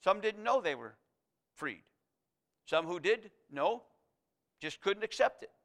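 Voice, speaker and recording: High, bright-voiced preacher in full sermon. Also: male voice, animated, unhurried. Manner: swings between loud emphatic proclamation and quiet intimate asides.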